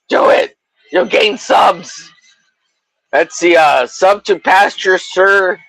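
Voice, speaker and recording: Loud, rowdy man with a high, gravelly voice. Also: slow pace, no room sound, low-quality recording. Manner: rowdy, crude, mock-bullying banter with frequent shouting. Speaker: livestream host. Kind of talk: casual livestream chat.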